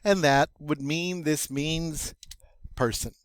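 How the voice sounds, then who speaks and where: A man teaching French vocabulary as a lesson, slow and playful with little jokes along the way. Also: a little high, steady tone, dry recording. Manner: slow, playful, jokey asides.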